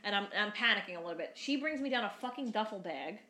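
A woman's voice: mid-range voice, expressive, quick pace, pushed and bright. A woman in her twenties telling a story in casual chat, rambling with lots of fillers and the odd swear word. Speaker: podcast co-host. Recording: roomy echo.

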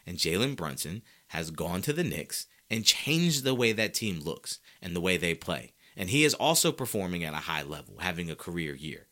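A man's voice: low voice, normal speed, hardly any pauses. A man hosting a solo sports talk show, arguing his points with rhetorical questions and casual slang aimed straight at his listeners. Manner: animated, argumentative, asks rhetorical questions.

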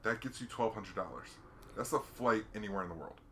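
American man, casual storyteller, lowish bright voice, faint room noise. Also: a little fast. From United States. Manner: animated storyteller who acts out quotes with sudden loud laughs. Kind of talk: casual chat.

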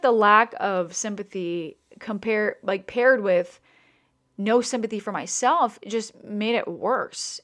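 A young adult woman talks straight to her listeners about something personal. She is candid and emotional, swears freely and often stops to restart a sentence. Her pitch sits in a normal middle range. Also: fairly bright tone.

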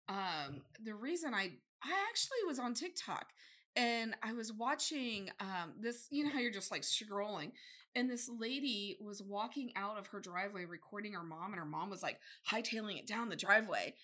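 A woman's voice: mid-range voice, normal speed. A woman in her forties co-hosting a casual podcast, telling stories and acting out the voices of the people in them. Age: 40s. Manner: animated storyteller, acts out quoted voices. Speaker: podcast co-host. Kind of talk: casual chat.

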